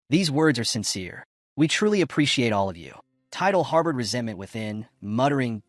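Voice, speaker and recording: A man narrating a comic recap in a fast, lively storytelling way. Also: medium pitch, dry recording, soft background music.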